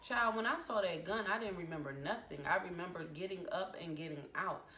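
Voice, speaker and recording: Speaking quickly with a fairly low, bright, forceful voice, a twenty-something vlogger recounts a personal story at home with real feeling, performing the quoted lines. Her room is echoey with faint noise, and family can be heard downstairs.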